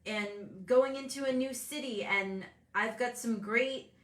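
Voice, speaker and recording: A woman's voice: a little high, unhurried, a bit bright, reverberant. A woman hosting a casual motivational talk show, speaking candidly and animatedly, acting out the voices of people she quotes. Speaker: host and business coach.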